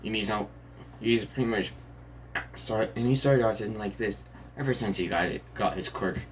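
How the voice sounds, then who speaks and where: A man's voice: on the low side, steady tone, normal speed, slight background noise. A man improvising a fan story aloud, rambling and filling gaps with casual fillers. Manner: rambling, full of "and yeah, like" fillers.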